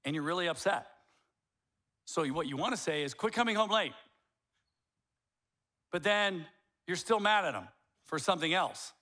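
A man preaching a sermon as pastor in a casual, conversational way, acting out examples and swinging from quiet asides to loud outbursts. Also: a little high, moderate pace, pauses often.

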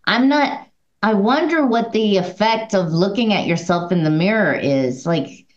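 A woman's voice: mid-range voice, animated, unhurried. A woman leading a bible study group, talking hesitantly with many restarts. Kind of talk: casual group discussion. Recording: echoey, dull room audio.

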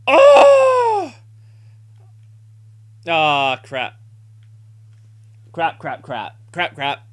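A man's voice: fairly high pitch, slow pace, pauses often, bright, forceful tone, clear, resonant tone. A young man playing a football video game live, urging his team on and swearing in frustration. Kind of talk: live gameplay commentary.

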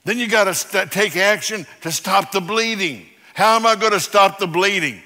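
A male pastor preaching a sermon, emphatic and direct, moving between loud declarations and quiet, low passages. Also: moderate pace, in a large hall. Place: church sanctuary.

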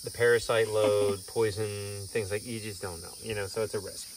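A man's voice: lowish voice, brisk, recorded from a distance, very noisy. A young man who keeps an animal sanctuary, chatting casually in a vlog and rambling with lots of fillers, recorded outdoors. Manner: relaxed, rambling with many fillers.

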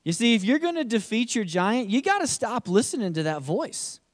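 Male pastor, high-pitched, preaching sermon, reverberant hall sound. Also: very animated, normal speed. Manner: preaching, voicing the taunts of a giant.

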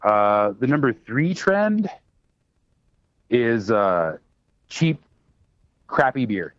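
A man's voice: medium pitch, sing-song, very slow, no echo. Rambly bartender guy chatting on a podcast, lots of uh and like, kinda muffled dry audio. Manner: rambling and talkative, with many fillers and restarts. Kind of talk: casual chat. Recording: dry, slightly dull sound.

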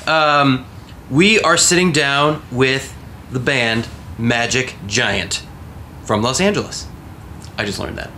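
A man's voice: medium pitch, slow, sharp tone, slight background noise. A man hosting a casual podcast, loose and joking, laughing between lines. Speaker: podcast host.

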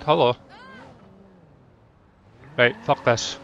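Dude yelling and cursing while he plays, mid voice, hyped let's-play. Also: mid-range voice, normal speed, long pauses, slight background noise. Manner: loud, excitable, swears a lot. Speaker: gamer.

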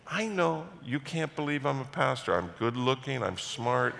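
A middle-aged man preaches to his congregation, spinning a story with playful self-mockery. His voice swoops lively up and down, and it rings out with the long reverb of a large church hall. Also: a little high, normal speed, vocal fry. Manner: animated storytelling with self-mocking humor. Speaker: pastor. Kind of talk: sermon.

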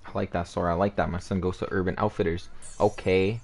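A man doing joking, excitable let's play commentary, talking over cutscenes. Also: low-pitched, quick pace, gravelly, slight background noise. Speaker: game streamer. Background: game music.

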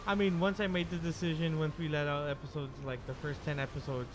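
A young man co-hosting a let's-play, chatty and excitable, swearing now and then. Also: fairly high pitch, fast talker, background noise. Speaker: co-host. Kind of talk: casual let's-play chat.

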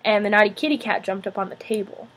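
A woman music teacher telling a children's story in a gentle, expressive way, checking in with her young listeners. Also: medium pitch, fast talker, breathy edge.

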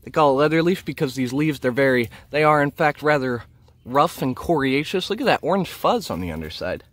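Walking outdoors through a peat bog with a handheld camera, a nature vlogger gives a plant tour. His fairly high voice is animated and brisk as he rambles excitedly and marvels at what he finds.

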